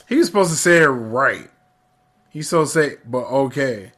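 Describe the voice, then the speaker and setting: A man casually recapping a show episode, animated and acting out characters' lines as he tells it. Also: medium pitch, moderate pace. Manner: animated, acts out lines in character voices, laughs often. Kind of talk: casual reaction chat.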